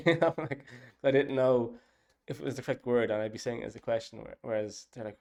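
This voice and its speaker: Guy rambling through his dev log, gravelly voice, loads of ums and likes. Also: medium pitch, a little slow, darkish tone. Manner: rambling, thinks aloud with many fillers. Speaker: app developer. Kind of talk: casual dev log talk.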